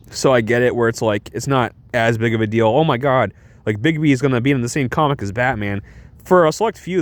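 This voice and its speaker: A man giving a casual, rambling and enthusiastic comic book review. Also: mid-range voice.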